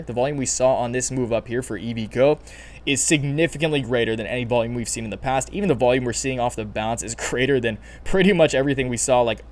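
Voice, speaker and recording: A young man hosting a casual stock market video, upbeat and chatty, with frequent fillers and pet phrases. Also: medium pitch. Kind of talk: casual market commentary to camera.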